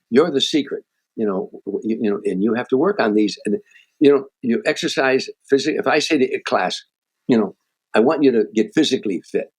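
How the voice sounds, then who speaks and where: A comedian guesting on a podcast interview shares stories and sincere motivational advice, often starting sentences over. His voice is husky, a little mellow, and medium in pitch.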